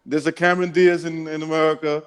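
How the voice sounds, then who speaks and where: A man co-hosting a podcast, swearing freely and breaking into loud outbursts. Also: on the high side, little pitch movement, fast, background noise. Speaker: podcast co-host. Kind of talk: casual banter.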